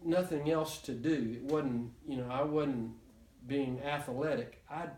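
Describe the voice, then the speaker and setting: A man's voice: medium pitch, fairly even intonation, unhurried, a little mellow. A man telling a story to a small group, rambling with many restarts and chuckles. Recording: echoey room, mic from far off.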